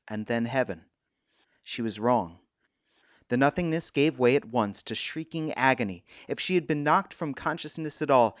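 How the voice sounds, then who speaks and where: A man reading a story aloud in measured, grave scripted narration. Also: mid-range voice, no echo. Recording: dry, dull lo-fi recording.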